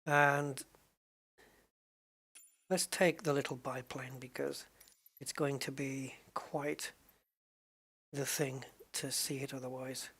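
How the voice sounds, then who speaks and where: A man's voice: medium pitch, little pitch movement, takes it slowly, long pauses, a bit bright, husky. A man giving casual, rambling commentary while playing a flight game, thinking aloud and chuckling at jokes. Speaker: gaming channel host.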